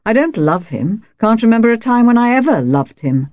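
A woman voicing a nervous, bitter young wife who speaks in a hoarse, soft voice and breaks out shrilly at times. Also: a little high, big pitch swings, normal speed, no echo, lo-fi sound, voice pushed up. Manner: quavering, bursts out shrilly. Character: anxious battered wife, woman, bitter and self-mocking.

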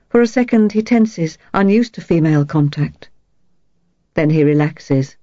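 A woman reading a first-person novel aloud in a calm, measured, reflective way. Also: low voice, no echo. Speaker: audiobook narrator. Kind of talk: scripted first-person narration. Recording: slightly dull, dry recording.

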